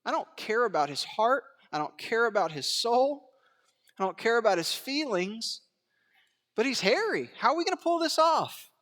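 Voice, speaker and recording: Animated man preaching in a reverberant church. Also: very high-pitched, normal speed. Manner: animated, swings between hushed asides and raised emphatic lines; acts out biblical quotes in character voices. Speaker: pastor. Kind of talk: sermon. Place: church sanctuary.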